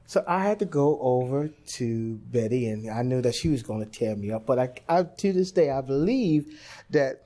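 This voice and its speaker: Animated man telling a story. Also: medium pitch, normal speed. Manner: animated storyteller, acts out quoted voices. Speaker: jazz pianist guest. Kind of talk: storytelling interview.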